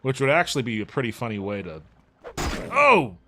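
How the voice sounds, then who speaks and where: A man's voice: medium pitch, animated, rapid-fire, fairly bright tone, a little hiss or hum. Rambling, joking gamer man. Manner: rambling, joking, swears when frustrated. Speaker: let's play host. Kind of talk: casual gameplay commentary.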